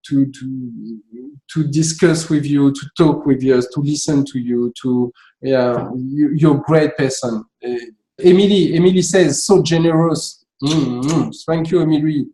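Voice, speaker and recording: A man with a French accent talks slowly and haltingly, filling his gaps with little hesitations. He hosts a casual live interview. His voice sounds roomy, with a clear echo around it. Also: mid-range voice, warm tone. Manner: hesitant, halting, with many fillers.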